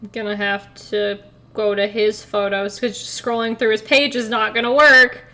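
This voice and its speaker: A woman's voice: mid-range voice, level tone, moderate pace, bright, forceful tone. A woman streaming a game, giggly and playful in casual chat.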